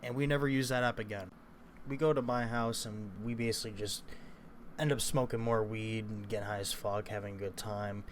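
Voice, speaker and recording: A man's voice: lowish voice, steady tone, a little fast, slight background noise. A young man casually telling a story as a vlogger, rambling and swearing, with many fillers. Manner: rambling, profane, lots of fillers.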